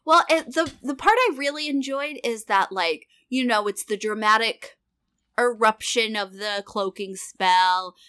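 A woman's voice: a little high, a little slow, bright, forceful tone, clean tone. A woman co-hosting a podcast who chats casually about a TV episode with playful, wry asides. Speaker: podcast co-host.

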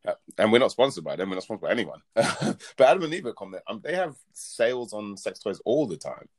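A man co-hosting a podcast in casual chat, playful and quick to laugh. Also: on the low side, sing-song. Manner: chatty, laughs often, playful. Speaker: podcast co-host.

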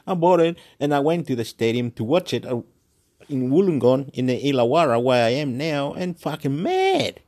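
A man from Chile, a native Spanish speaker living in Australia, rambles excitably and profanely in a monologue, repeating words and bursting into chants. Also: medium pitch, normal speed. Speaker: vlogger. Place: Wollongong, Australia.

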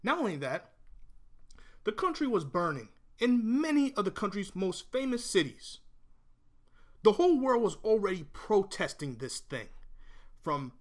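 A man with a slightly high voice delivers a heated opinion rant straight to camera. He speaks bluntly, swears freely, and keeps restarting and repeating his phrases as he drives each point home. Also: big pitch swings, unhurried, long pauses. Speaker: vlogger.

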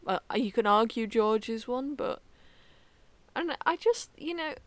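A young woman co-hosting a podcast, chatting casually in an excitable, laughing way. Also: fairly high pitch, moderate pace, no room sound. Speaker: podcast co-host. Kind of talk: casual chat.

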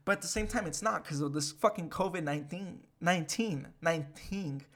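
Young man host, twenties, slightly high voice, casual profane rant, animated delivery. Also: fast talker. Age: 20s. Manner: animated and profane, with frequent fillers. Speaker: podcast host. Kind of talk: casual ranting monologue.

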